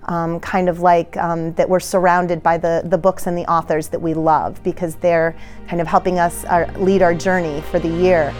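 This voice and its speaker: A woman's voice: on the low side, flat delivery, moderate pace, few pauses, darkish tone, soft background music. A woman who teaches kindergarten, speaking thoughtfully in an interview with frequent ums and restarts. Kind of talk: interview talk.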